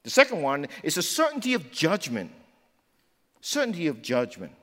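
A man's voice: a little high, wildly swooping pitch, moderate pace, a bit bright. A man preaching a sermon in a conversational, emphatic way, often saying "you know" as he explains scripture. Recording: long hall reverb.

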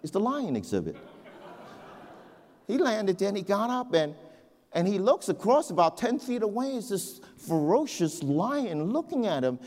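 A middle-aged male pastor telling a joke and preaching in a church, as an animated storyteller who repeats words. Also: sits high, moderate pace. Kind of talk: sermon with a joke. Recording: long church hall reverb.

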